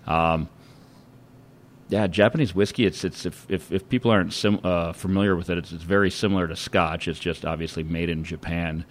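A man in casual chat, talking in a relaxed, rambling way with many restarts. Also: deep voice, fairly quick. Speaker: podcast co-host.

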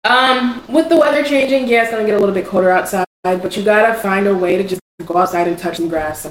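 A young woman co-hosting a podcast in casual chat, frank and expressive, swearing freely. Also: medium pitch, quick pace. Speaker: podcast co-host. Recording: echoey room, faint background noise.

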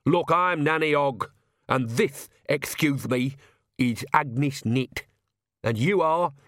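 A man's voice: mid-range voice, takes it slowly, fairly bright tone, no room sound, voice pushed up. A nosy, cheerful old witch woman, gossiping and coaxing in a folksy storybook voice, as a male reader puts her on. Her voice sits well above the reader's own, in a dry, close recording.

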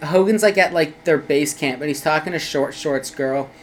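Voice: medium pitch, normal speed, slight background noise. A speaker casually retelling a movie plot in a rambling, filler-heavy way, often laughing. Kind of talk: casual movie recap chat.

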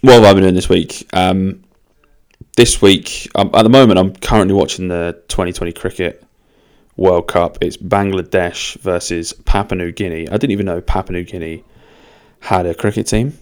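A man's voice: deep voice, steady tone, normal speed, a little mellow, smooth. A young man hosting his own podcast, talking in a loose, rambling, sweary way and poking fun at himself. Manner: loose, sweary and self-mocking. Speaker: podcast host. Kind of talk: casual rambling monologue.

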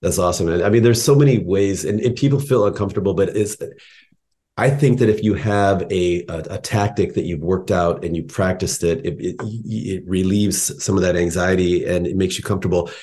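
Guest, male, low-ish voice, relaxed conversational manner. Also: fairly quick. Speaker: interview guest, company CEO. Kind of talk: casual conversation.

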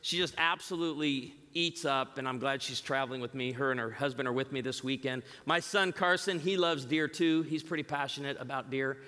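A man's voice: mid-range voice, fairly quick, few pauses. A middle-aged man from the Chicago area giving a humorous church message as a guest speaker, telling stories and acting out the voices of people in them. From Chicago area, United States. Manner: animated storytelling, acting out quoted voices. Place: large church auditorium. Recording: reverberant hall.

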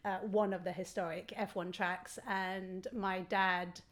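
A woman's voice: on the low side, little pitch movement, measured pace, a bit bright. Wry woman. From Belgium. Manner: wry, laughing, self-deprecating. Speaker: podcast guest. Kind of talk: casual chat.

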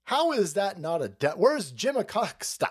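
High, animated, profane male streamer. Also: moderate pace, husky. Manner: mocking, profane, laughs often. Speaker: stream host. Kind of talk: profane live-stream commentary on clips.

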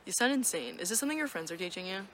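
A woman's voice: mid-range voice, animated, rapid-fire, fairly bright tone, a little hiss or hum. A young woman co-hosting a podcast, chatting casually in a rambling, profane way and giggling often. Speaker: podcast co-host. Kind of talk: casual chat.

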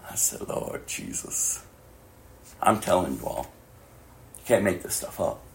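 A male pastor preaching a sermon with passion, laughing often and swinging between shouts and hushed whispers. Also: low voice, sing-song, moderate pace, gravelly, a little hiss or hum.

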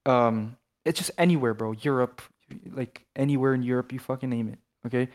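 A man's voice: medium pitch, brisk. Young man, casual swearing podcast chat. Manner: animated, swears freely, many fillers. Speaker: podcast co-host. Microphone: headphones, off his usual mic.

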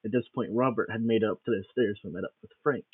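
A man's voice: lowish voice, quick pace, husky, dry recording, distant mic. A man improvising a comic story, rambling along with restarts and fillers, on a tinny phone-like recording.

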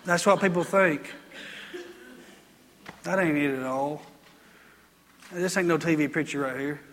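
Male pastor, emphatic repetitive sermon delivery, high voice, echoing sanctuary. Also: measured pace, fairly bright tone, slight background noise. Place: church sanctuary.

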